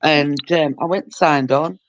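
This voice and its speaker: Bloke hosting a live stream, joking and swearing, dry close sound. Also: male voice, on the high side, normal speed, no echo, muffled recording. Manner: teasing, swears a lot, laughs often. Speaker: livestream host. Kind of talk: casual chat. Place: live stream group call.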